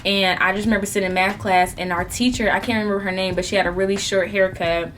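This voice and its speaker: A young woman vlogger telling a story in an animated, melodramatic way while eating, in a casual storytime chat. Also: medium pitch, fast talker, a little hiss or hum.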